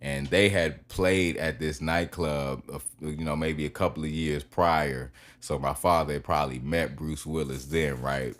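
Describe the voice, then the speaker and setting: A man's voice: extremely low pitch, fairly even intonation, measured pace, few pauses. A man in his thirties, a podcast guest telling rambling anecdotes in a casual, profane way.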